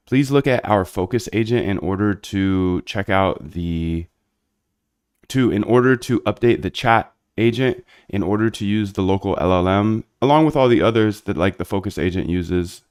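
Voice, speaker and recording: A man's voice: low-pitched, a little mellow, clean tone. A man streaming live while he codes, rambling in slangy casual talk to himself and his chat. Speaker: livestreaming programmer.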